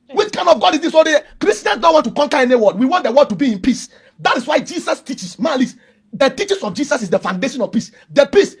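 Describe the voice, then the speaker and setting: Fast, high-pitched, gravelly man. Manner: emphatic, preachy, repeats points. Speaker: Christian debater. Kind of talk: heated religious debate.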